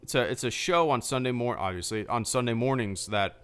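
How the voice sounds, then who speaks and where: A man's voice: mid-range voice, fairly quick, a bit bright, smooth, faint music behind. A man hosting a casual livestream Q&A with supporters, chatty and rambling, full of restarts. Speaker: YouTube channel host.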